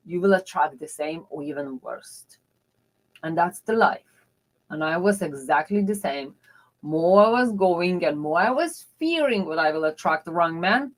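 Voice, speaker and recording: Woman love coach, low voice, very unhurried; earnest, confiding, non-native English with loose grammar. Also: low-quality recording. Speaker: love and dating mentor. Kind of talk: motivational personal storytelling.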